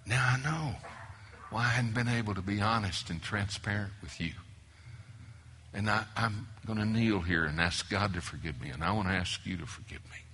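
A man preaching a sermon at a marriage conference, telling his story with animated delivery that swings from loud exclamations to low near-whispers. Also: normal speed, slight background noise.

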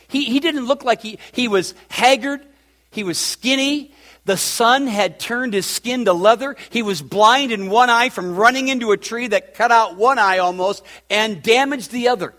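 Man, pastor, sermon, higher-pitched voice, fervent then hushed. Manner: swings from loud fervent peaks to soft emotional hush.

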